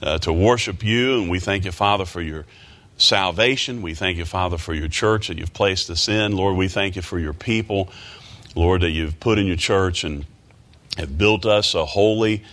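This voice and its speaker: A man preaching and praying from the pulpit, his voice a little low in pitch. It carries a bright, forceful edge. When he drives a point home, he climbs to loud, high emphasis and reads scripture in old-fashioned wording. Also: moderate pace. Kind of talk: prayer and sermon.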